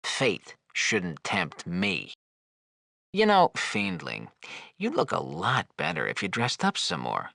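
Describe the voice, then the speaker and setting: A gravelly, mocking floating skull. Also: male voice, low voice, wildly swooping pitch, takes it slowly, pushed and bright, dry recording, studio quality, exaggerated voice. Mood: wisecracking. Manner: teasing, flirtatious, sarcastic banter. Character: wisecracking, leering floating male skull. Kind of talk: video game dialogue.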